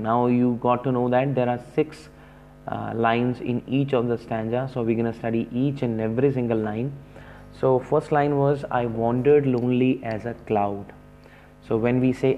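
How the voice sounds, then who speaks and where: A man teaching a poetry lesson, explaining slowly with many pauses and fillers. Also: mid-range voice, lo-fi sound.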